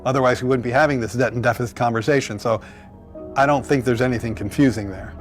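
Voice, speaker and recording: A man's voice: medium pitch, fairly even intonation, fast, faint music behind. Hesitant man talking economics casually. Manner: hesitant, many restarts. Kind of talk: casual discussion.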